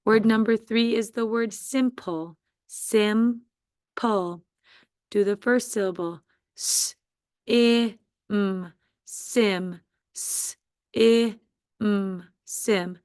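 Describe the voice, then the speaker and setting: A woman teacher giving a slow, patient spelling dictation to first graders. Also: mid-range voice, fairly even intonation, darkish tone, no room sound, studio quality. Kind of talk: spelling quiz dictation for young students.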